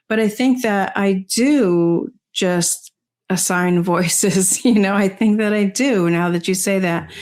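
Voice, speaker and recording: An older woman with a mid-range voice appears as an interview guest, chatting casually. She rambles along, dropping plenty of "you know"s and soft laughs.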